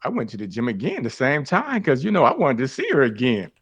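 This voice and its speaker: A man's voice: huge pitch swings, fairly quick, a bit bright, husky, no echo, lo-fi sound. A man telling his faith story as a guest, calling the listeners fellas and folks and acting out the conversations he tells. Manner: acts out dialogue with big jumps in pitch. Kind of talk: animated storytelling.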